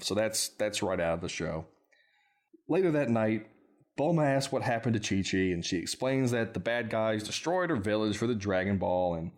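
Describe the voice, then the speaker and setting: A man hosting a casual podcast, giving a wry play-by-play recap of a film and often laughing at his own jokes. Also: medium pitch. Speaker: podcast host.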